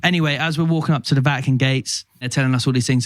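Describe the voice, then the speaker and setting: A man, a podcast guest telling a long story in casual, energetic chat. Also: mid-range voice, no room sound. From United Kingdom. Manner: energetic, talks fast and at length.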